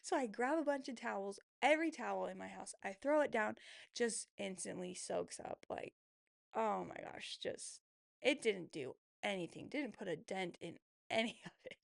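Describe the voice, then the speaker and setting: A young woman in her twenties tells a personal story on her podcast, with strong gravelly vocal fry throughout. She sounds candid and emotional, scattering casual fillers as she goes. The sound is dry and close. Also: mid-range voice, normal speed, dry recording. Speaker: podcast host.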